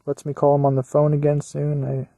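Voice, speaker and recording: A man's voice: fairly high pitch, monotone, brisk, creaky, warm tone, dry recording. A young man talking in a rambling solo monologue, meandering and crude, often trailing off into mumbles. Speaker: podcaster. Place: at work during a shift.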